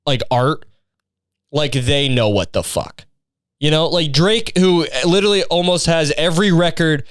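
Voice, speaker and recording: Profane ranting young man, smooth and dry. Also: a little high, no room sound. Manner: profane, sarcastic, rambling. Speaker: podcast host. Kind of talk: comedic podcast rant.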